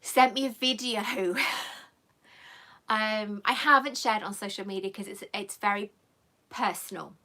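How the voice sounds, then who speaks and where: A woman's voice: medium pitch, unhurried, long pauses, sharp tone. A woman hosting a live stream, chatting affectionately with viewers in a rambling, emotional way and coming close to tears. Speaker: channel host.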